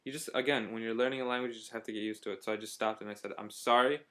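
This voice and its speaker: A man's voice: on the low side, steady tone, rapid-fire, fairly bright tone. A young man from Syria telling a casual spoken travel diary, rambling and hesitant, with frequent fillers and restarts. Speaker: vlogger.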